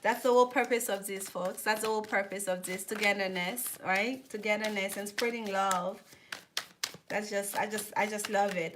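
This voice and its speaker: A woman's voice: medium pitch, fairly even intonation, normal speed, noisy background. A woman giving a live tarot reading, chatting with viewers and often repeating herself. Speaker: tarot reader.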